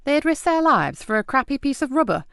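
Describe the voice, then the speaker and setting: A woman voicing a sharp, tough female detective inspector who talks brisk and blunt. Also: high-pitched, very animated, vocal fry, dry recording, studio quality, pitched above the performer's own voice, heavily acted.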